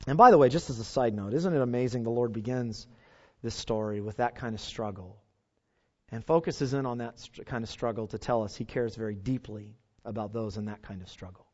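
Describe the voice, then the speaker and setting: A man's voice: medium pitch, a little fast, a little mellow. A male pastor, preaching an earnest sermon and putting rhetorical questions to his congregation, on a dull lo-fi recording.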